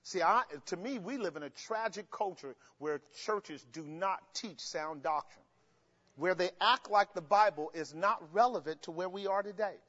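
A man's voice: sits high, normal speed, a bit bright. A man teaching a Bible study as pastor, asking the listeners to finish his sentences and driving his points home with emphasis. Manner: call-and-response questions, emphatic. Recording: dull sound with long hall reverb.

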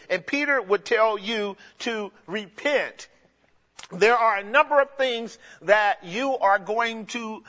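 A man's voice: sits high, bright, forceful tone. A man preaching an expository sermon, explaining the text emphatically and addressing the congregation directly. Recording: dull lo-fi recording with long hall reverb.

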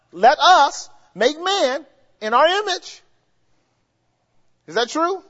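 Male preacher with a very high voice, leads the crowd with call-and-answer questions, recorded dull and lo-fi in a hall with long echo. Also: fairly bright tone. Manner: asks the congregation questions and has them answer; explains grammar step by step, with emphatic rises. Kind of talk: sermon teaching.

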